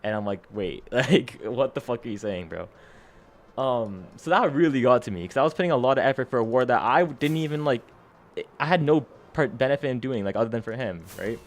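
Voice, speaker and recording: A young man who talks fast, with a medium-pitched voice, recounts a gaming story. It's casual and meandering, heavy on slang, swearing and fillers, and he's animated, his energy climbing and dropping throughout.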